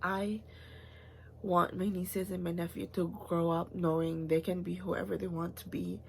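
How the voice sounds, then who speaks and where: Woman, unhurried, emotional confessional vlog, faint background noise. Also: lowish voice, level tone, creaky. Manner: rambling and heartfelt, many fillers and restarts; emotional, at times close to tears. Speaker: vlogger.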